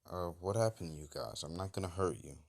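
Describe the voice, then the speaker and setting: A man voicing a calm young man who gently reassures frightened children, in a fan story retelling. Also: low-pitched, fairly quick. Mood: reassuring.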